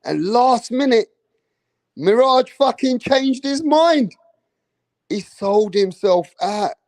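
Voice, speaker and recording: A man's voice: very high voice, expressive, slow, darkish tone, no echo. A man who hosts boxing commentary, mocking and taunting a viewer in a profane, repetitive rant. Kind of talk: ranting reaction commentary.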